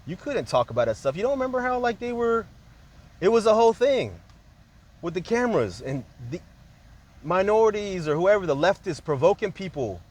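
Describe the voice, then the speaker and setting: A man's voice: high-pitched, big pitch swings, a little fast. A man talking in a loose, rambling monologue, jumping from point to point and peppering his speech with casual fillers.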